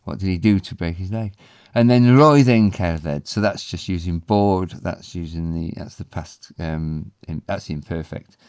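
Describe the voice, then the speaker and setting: A man teaching a language in a relaxed, explanatory way, pausing often with ums. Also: sits low, dry recording, studio quality. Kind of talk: casual spoken lesson.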